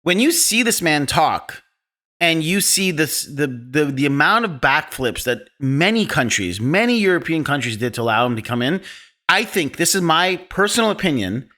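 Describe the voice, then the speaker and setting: Podcast host, male, bright tone, animated and opinionated storyteller. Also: a little high, moderate pace. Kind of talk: casual film discussion.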